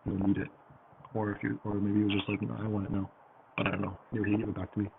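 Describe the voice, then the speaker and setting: Talking very fast with a flat delivery and vocal fry, a man with a lowish voice tells a casual, rambling story heavy on fillers and profanity. It's recorded with a tinny, phone-like quality and a faint hiss.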